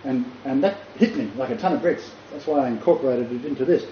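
A man's voice: medium pitch, fast talker, warm tone. Emphatic older man teaching, echoey room. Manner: emphatic, repeats key phrases, many fillers. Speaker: Christian ministry leader. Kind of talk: casual teaching talk. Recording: roomy lo-fi recording with faint noise.

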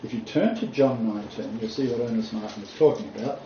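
A man preaching a sermon, reading scripture aloud and stressing key points with deliberate emphasis. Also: lowish voice, warm tone, slight background noise. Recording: distant mic, roomy echo, dull sound.

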